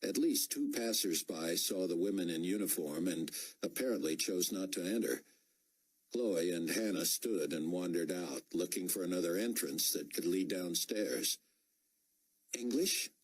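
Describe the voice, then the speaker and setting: Husky low-voiced male audiobook narrator. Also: low-quality recording. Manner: measured storytelling. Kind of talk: scripted narration.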